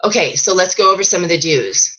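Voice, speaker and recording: A woman's voice: fairly low pitch, animated, fast, fairly bright tone, highs cut off. A woman fitness coach giving a casual, chatty training talk to her sales team, with plenty of fillers and restarts.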